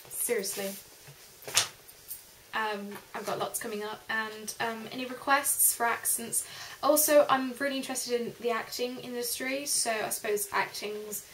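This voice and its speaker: A young woman chatting casually to camera at home. She rambles with lots of fillers. Her voice is fairly high and bright, with faint room hiss behind. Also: low-quality recording. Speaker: vlogger. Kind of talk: casual vlog chat.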